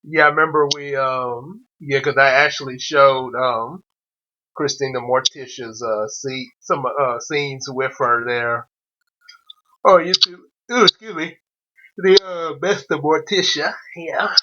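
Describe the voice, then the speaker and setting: A man's voice: mid-range voice, unhurried, sharp tone. A man hosting a casual chat, talking hesitantly with lots of "uh" and "um" fillers. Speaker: host. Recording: dull lo-fi audio.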